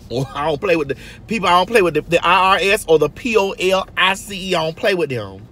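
A woman's voice: on the low side, expressive, a little fast, a bit bright, slight background noise. A woman telling stories in a casual vlog from a moving car, brassy and profane, calling her listeners girl and honey. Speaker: vlogger.

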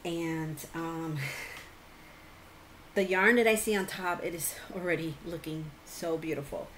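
Woman crafting vlogger, low voice, slow gentle unboxing talk, faint fan hum behind. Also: steady tone. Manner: slow, gentle, religious and thankful. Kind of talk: casual unboxing chat. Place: hot home room with a fan behind.

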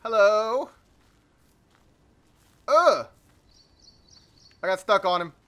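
A young man giving jokey, excitable commentary over a game he's playing, often yelping in surprise. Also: on the high side, moderate pace. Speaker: let's play host. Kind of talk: gameplay commentary.

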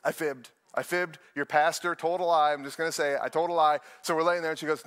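A young adult man preaching a sermon to an online audience, telling stories with lively acted-out voices. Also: on the high side, fast, hardly any pauses. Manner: animated storytelling, acts out voices in anecdotes. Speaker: pastor.

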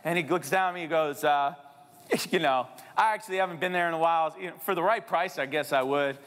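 Animated male storyteller in a reverberant hall. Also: a little high, fairly quick. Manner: acts out quotes, jumping his voice up when excited. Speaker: keynote speaker and realtor. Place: large theater.

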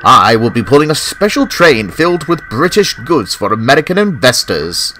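A cheerful, famous steam engine chatters brightly, as a man puts on a high, chirpy voice. His lines rise and fall in a lively way, with clear music playing underneath, like a storybook read aloud. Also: normal speed, poor audio. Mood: excited.

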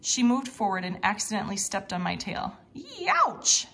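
A woman's voice: mid-range voice, a little fast, vocal fry, a little hiss or hum. A woman reading a children's mystery storybook aloud, with playful voices for the mouse characters. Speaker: read-aloud narrator.

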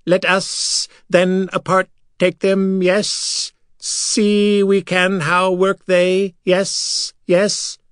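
A man's voice: sits high, monotone, drawn-out words, hardly any pauses, a bit bright, smooth, no echo, clean studio sound, pitched above the performer's own voice, full character voice. Hissing machine creature with a tangled, questioning way of speaking, put on by a male narrator. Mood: eager. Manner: scrambled word order, ends lines with "yes?". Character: hissing metallic insect-like machine creatures, curious.

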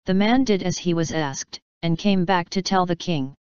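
A woman reading an old folk tale aloud in a measured, steady storytelling style. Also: lowish voice, clear, resonant tone, no echo, muffled recording. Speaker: narrator. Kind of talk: scripted storybook narration.

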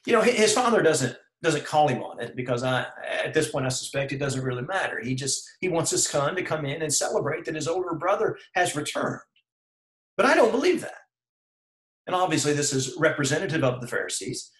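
A man's voice: a little high, expressive, quick pace, hardly any pauses, a bit bright, reverberant, rough recording. A man preaching an earnest sermon over a video call, calling his listeners brethren and putting questions to them. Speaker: preacher leading a devotion.

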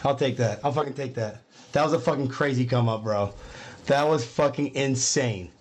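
A man streaming his gambling live, reacting with excitable, profane bursts of exclamation. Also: medium pitch, moderate pace. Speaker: gambling livestreamer.

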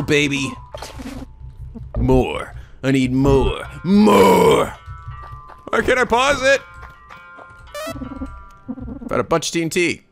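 A young man hosting a comedic video game let's play, excitable and profane, breaking into laughter and silly voices. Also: fairly high pitch.

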